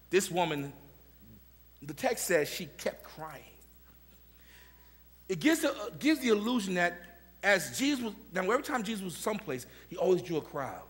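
A man preaching a sermon as pastor to his congregation, swelling into impassioned shouts and calling out to the listeners with repeated words. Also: fairly high pitch, very animated, normal speed. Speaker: senior pastor. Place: church sanctuary. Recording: long church hall reverb.

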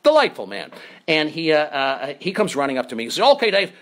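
A man's voice: mid-range voice, brisk, a crowd in the background. A man hosting a comedy show, telling a story and acting out the voices of the people in it. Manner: animated, acts out voices in his stories. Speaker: comedian host. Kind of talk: comic storytelling chat.

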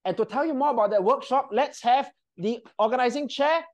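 A female voice and presentation trainer with a high voice talks briskly while running a live workshop in a training room. She keeps her instructions to the group upbeat and checks in on them frequently.

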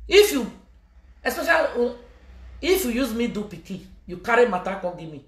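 A woman's voice: medium pitch, sing-song, normal speed, reverberant. A woman with a Nigerian accent delivering a scolding, emphatic vlog message to her fans, often slipping into Pidgin. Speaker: social media personality addressing fans.

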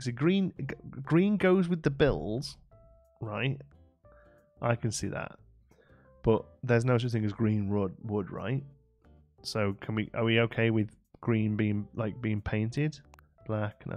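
A man's voice: fairly low pitch, darkish tone. A man chatting with viewers during a late-night live game stream, thinking aloud and laughing often.

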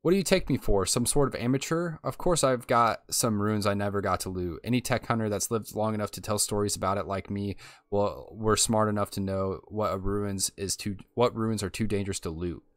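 A man's voice: on the low side, a little fast, no echo, clean studio sound, close to an everyday voice. A man reading aloud the lines of a boastful retired woman treasure hunter in a video game, in his own voice.

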